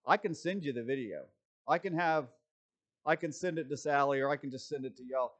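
A man's voice: mid-range voice, brisk. A man, a pastor, giving casual commentary with impassioned, sarcastic asides.

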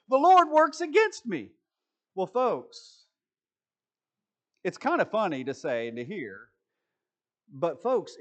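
Animated, chatty male preacher. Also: sits high. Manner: chatty, self-deprecating asides and frequent "right?" check-ins. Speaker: preacher teaching a Bible study. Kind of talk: conversational sermon.

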